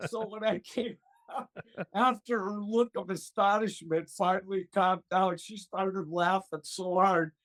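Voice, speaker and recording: A man's voice: high-pitched, steady tone, unhurried, a bit bright. An older man, a gardening expert, telling a funny story as an interview guest, acting out the voices and laughing often.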